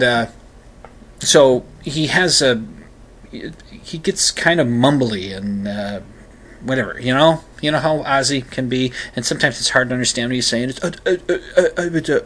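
A man's voice: mid-range voice, fairly bright tone. A man with an ordinary mid-range voice talks through a story in a loose, unscripted way. He circles back on himself with plenty of fillers and false starts. His delivery carries a wry, skeptical tone. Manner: rambling, lots of fillers and restarts. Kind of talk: casual commentary monologue.

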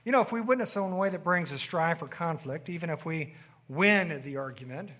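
A man's voice: a little high, lively intonation, brisk, fairly bright tone. A man preaching a sermon to an assembly, earnest and repeating his key phrases for emphasis. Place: meeting room with a live audience.

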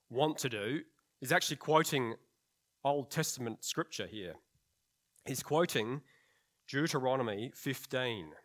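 A man preaching a sermon to his congregation. He talks in a lively, conversational way and slips in dry, humorous asides. He also leans on rhetorical questions. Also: mid-range voice. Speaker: pastor.

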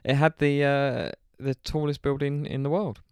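A man's voice: medium pitch, fairly even intonation, normal speed, darkish tone, clear, resonant tone, no room sound. A man, co-hosting a podcast, reading out facts with wry comebacks. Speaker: podcast co-host. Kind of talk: casual chat.

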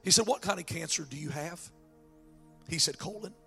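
Excitable pastor with a strained throat. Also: male voice, on the high side, normal speed, gravelly, faint music behind. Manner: excitable, repeats words when building up. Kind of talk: sermon storytelling.

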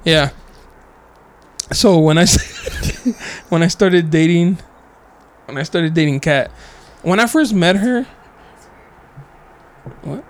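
A young man in casual chat, joking and swearing, slipping into quick impressions of friends. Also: fairly high pitch. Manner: joking, swears freely, mimics others in quick asides.

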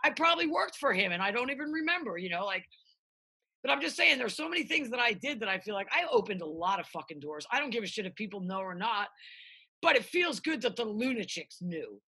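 A middle-aged woman chef on a video call, telling profane, animated kitchen stories and shouting out quoted lines. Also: on the high side, fast, slightly rough. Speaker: chef, interview guest. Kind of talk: casual interview chat.

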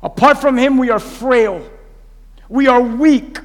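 A man preaching a sermon, pausing to quiz his congregation and have them repeat lines back. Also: extremely high pitch, big-room sound. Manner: call-and-response preaching, quizzing the congregation. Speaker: pastor. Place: church sanctuary.

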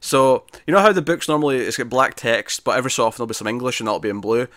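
A man chatting casually as a podcast co-host, recapping at length with lots of "like" and "uh" and frequent restarts. His voice sits at an ordinary middle pitch. It is recorded close and dry, with no room sound. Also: racing, fairly bright tone, no echo. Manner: rambling, lots of fillers and restarts. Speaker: podcast co-host reviewing comics. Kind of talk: casual chat.

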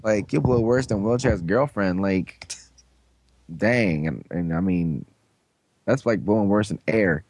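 A man's voice: on the low side, a little slow, darkish tone, no room sound. A young man co-hosting a casual recap podcast, rambling and crude with a sarcastic edge. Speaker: podcast co-host.

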